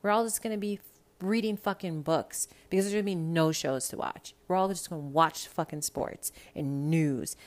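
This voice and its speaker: A woman from the American Midwest hosting a podcast, chatting casually about pop culture with lots of swearing and sudden loud rants. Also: low voice, normal speed. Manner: profane, animated, swings to loud rants. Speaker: podcast host.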